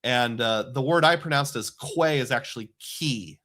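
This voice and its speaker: A man's voice: mid-range voice, moderate pace, bright, forceful tone. A middle-aged man hosting a casual live stream, chatting loosely and reading viewer comments aloud. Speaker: livestream host.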